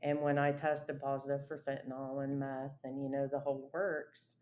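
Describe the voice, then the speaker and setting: A woman's voice: rumbling low, flat delivery, normal speed, darkish tone. A woman guest telling her own recovery story in an interview, in a casual, earnest and emotional way, with many fillers and restarts.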